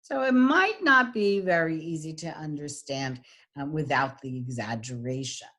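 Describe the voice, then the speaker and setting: A woman teaching an online lesson on voice qualities, chatty with many fillers, demonstrating each quality with deliberate exaggeration. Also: low voice, lively intonation, bright, forceful tone. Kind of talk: online lecture.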